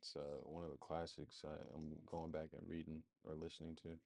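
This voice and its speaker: Here the marketing agency presenter's very low, dark, mellow voice comes across gravelly, fairly quick and entirely flat. Thinking aloud during a screen-share walkthrough, he rambles loosely with many fillers, in a close, dry recording with no room echo.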